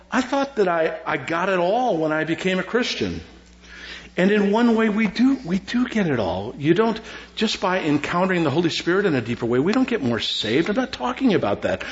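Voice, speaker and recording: A middle-aged man, preaching a sermon as pastor in an animated, joking way with lots of repetition. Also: high voice, reverberant. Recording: dull lo-fi sound.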